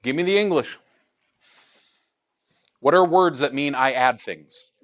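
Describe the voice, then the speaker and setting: A man's voice: a little high, unhurried, fairly bright tone, highs cut off. A male math teacher teaching a class in a classroom, joking with students and asking rhetorical questions.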